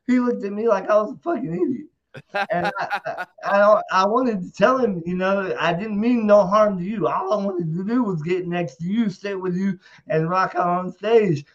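A man telling a rowdy story in casual talk, animated and profane, acting out quotes loudly. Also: high voice, moderate pace, highs cut off. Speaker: interview guest.

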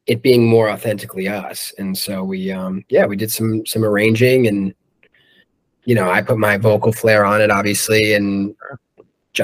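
A man who sings in a rock band, chatting loosely in an interview, swearing freely and filling his talk with "um" and "like". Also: on the low side. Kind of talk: casual interview chat.

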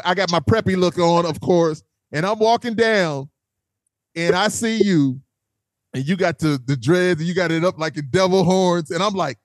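A man's voice: high voice, no echo. A man telling a long story in casual chat, acting out quotes and swearing freely.

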